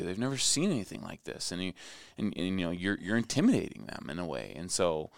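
A young man from Minnesota, a former athlete, talking as a guest in a relaxed interview with many restarts. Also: sits low, fast talker, creaky, dry recording, clean studio sound. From Minnesota, USA. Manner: animated storyteller, many restarts and fillers. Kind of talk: conversational interview.

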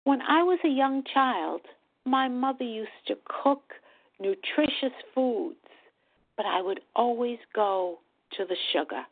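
Slow earnest woman on a tinny phone line. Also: fairly high pitch, expressive. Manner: slow, halting, earnest, with pauses and restarts. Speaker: speaker sharing her recovery story. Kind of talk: personal testimony at a support meeting. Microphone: phone call.

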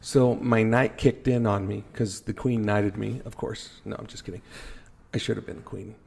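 A man telling a firefighting story in a casual podcast chat, animated and joking at his own expense. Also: on the low side, normal speed, gravelly, slightly rough. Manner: animated, acts out his own panicked thoughts, jokes at himself.

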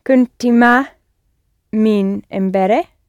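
Fast-talking female language student. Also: fairly high pitch, no echo. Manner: tentative, works phrases out aloud.

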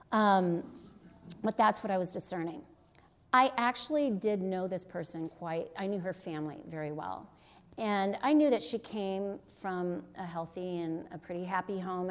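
A woman's voice: mid-range voice, darkish tone. Middle-aged woman preaching, earnest, chatty, keeps asking "right?". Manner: earnest, conversational, with frequent rhetorical "right?". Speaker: teacher on deliverance ministry. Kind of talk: sermon teaching.

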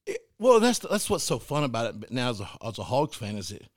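A man's voice: medium pitch, brisk, dry recording, studio quality. A man co-hosting a casual sports talk show, telling stories with lots of laughter and false starts. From Arkansas. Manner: animated storyteller, laughs often, restarts sentences. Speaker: podcast co-host and youth football coach.

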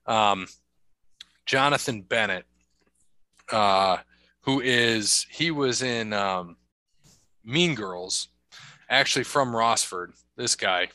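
A man with a bright, forward voice chats casually and rambles through a story full of ums and restarts. The sound is dry and close, with no room around it. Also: lowish voice, slow, pauses often, no room sound. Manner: rambling, filler-heavy storytelling. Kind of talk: casual chat.

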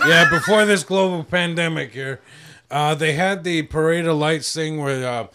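A man on a podcast with a slightly high voice, teasing his friends bluntly and swearing freely as he talks. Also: moderate pace, pushed and bright, clear, resonant tone. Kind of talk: casual podcast chat.

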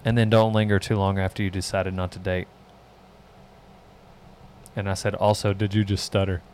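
A man with a fairly low voice reads listener questions aloud and fires back short, dry, joking advice. The talk is relaxed and casual, with a faint hum of room noise behind him. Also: moderate pace. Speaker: host reading out listener questions. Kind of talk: casual chat.

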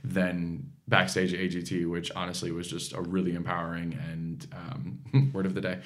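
Animated young man telling stories. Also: low-pitched, moderate pace. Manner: enthusiastic storyteller, animated. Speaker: singer, talent show contestant. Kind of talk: interview guest.

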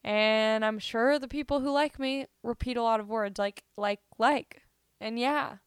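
A woman hosts a casual solo podcast while she has a cold, rambling and joking at her own expense. Her voice is fairly high and measured in pace. The recording has a clean studio quality with no echo.

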